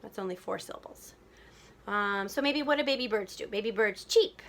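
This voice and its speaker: A woman teacher giving a recorded lesson, thinking aloud and slowly sounding out syllables. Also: medium pitch, fairly bright tone.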